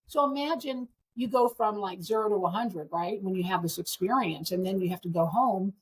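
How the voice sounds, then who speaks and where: A middle-aged woman, the hosts' mother, chatting as a guest on a podcast and telling stories in an animated, emotional way, acting out what others said. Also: medium pitch, a little fast, breathy edge. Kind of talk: casual chat.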